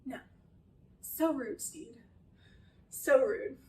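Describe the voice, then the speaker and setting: A woman's voice: high voice, drawn-out words, roomy sound, recorded from a distance, a little hiss or hum, poor audio. A woman chatting casually through a critique of a show, exasperated at times and swearing freely. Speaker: video essayist.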